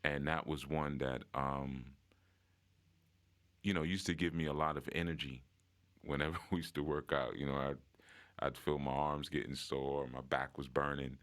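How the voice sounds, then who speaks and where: Deep male voice, relaxed reflective sharer in a group call, talks in loose run-on sentences. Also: normal speed. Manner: reflective, conversational, many fillers and restarts. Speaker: participant in online group call. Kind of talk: casual sharing in a group call. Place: online audio room.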